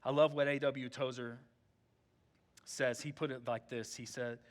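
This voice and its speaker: A male pastor giving a sermon in a relaxed, conversational way, full of "like", that moves between eager and hushed. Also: mid-range voice, measured pace.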